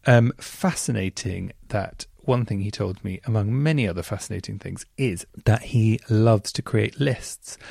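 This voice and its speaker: Podcast host, man, enthusiastic chatterbox; deeper voice with some fry. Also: a little mellow, no room sound, studio quality. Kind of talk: casual chat reading listener messages.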